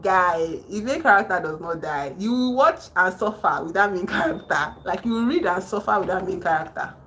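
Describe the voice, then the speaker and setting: Excitable woman retelling a book live. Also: fairly low pitch, normal speed, low-quality recording. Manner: excited, emphatic storytelling with sudden exclamations. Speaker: livestream host. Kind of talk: casual livestream chat about a book. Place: home.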